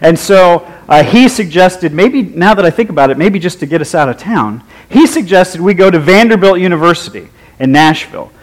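A man's voice: sits high, lively intonation, normal speed, low-quality recording. A man preaching a sermon, leading a prayer and telling personal stories in a wry, humorous, conversational way.

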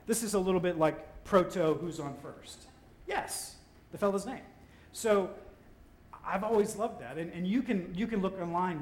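A man preaching a sermon in a relaxed, conversational and playful way, breaking into exaggerated incredulous outbursts. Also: sits high, moderate pace, slight background noise. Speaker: pastor.

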